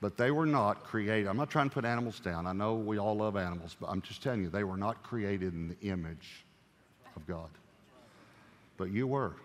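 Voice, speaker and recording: A man preaching a sermon as pastor, animated and joking, swinging from loud punchy lines to hushed earnest ones. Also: on the low side, normal speed, long reverb tail.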